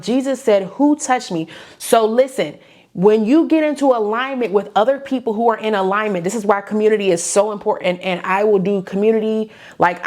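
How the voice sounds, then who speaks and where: A woman who works as a faith-based coach, teaching a Bible study in an emotional, fervent way, repeating lines for emphasis and calling her listeners y'all. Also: mid-range voice. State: tearful at times.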